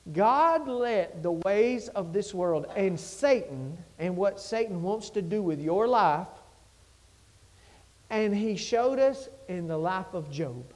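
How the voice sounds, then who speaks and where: A man preaching a folksy, plain-spoken sermon in a church, dropping low and quiet, then rising loud and emphatic. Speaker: pastor. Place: church sanctuary. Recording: long church hall reverb.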